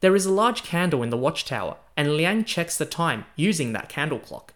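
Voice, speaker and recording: A chatty male podcast host narrating a history story as a first-person tale. His voice sits a little high, with a bright, forceful tone. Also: very animated, moderate pace. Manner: chatty, casual, uses slang.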